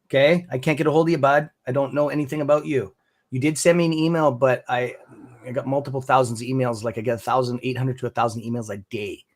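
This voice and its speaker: A man's voice: medium pitch, steady tone, fast talker. A man with a Canadian accent hosting a casual live stream and talking to viewers, rambling and friendly, calling them brother and bud. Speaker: stock trading stream host.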